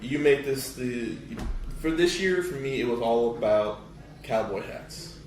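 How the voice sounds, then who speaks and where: A man co-hosting a podcast in casual chat, expressive and opinionated, laughing easily. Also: medium pitch, a little slow, roomy sound, recorded from a distance, a little hiss or hum, low-quality recording. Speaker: podcast co-host.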